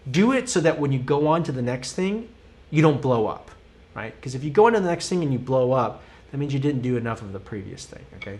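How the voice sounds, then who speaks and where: A man running a live-streamed drum lesson, counting beats and vocalising rhythms as he plays. He explains patiently and keeps checking that the learner follows. Loud drumming sits right under his voice. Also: medium pitch. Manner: counts and sings rhythms aloud while playing. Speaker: drum teacher.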